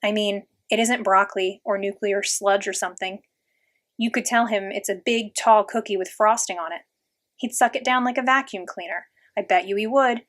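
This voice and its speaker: A woman acts out a goofy, hyperactive schoolboy, the class clown of a storybook classroom. He rambles fast and insists on his point, raising his voice eagerly. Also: medium pitch, fairly bright tone, close to an everyday voice. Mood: insistent.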